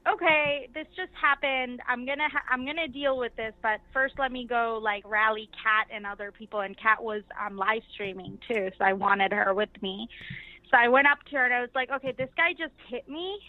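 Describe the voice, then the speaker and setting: A woman's voice: fairly high pitch, fairly even intonation, moderate pace, no room sound. A woman guest casually recounting events, chatty, with many fillers. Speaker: interview guest, activist delegate. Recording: tinny phone-line sound.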